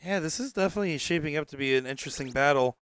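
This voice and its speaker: Man, darts commentator, chatty and joking, higher voice, dry sound. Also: very fast, a bit bright, smooth, no room sound. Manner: chatty, joking, rambling asides. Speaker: dart commentator. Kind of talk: live sports commentary, casual banter.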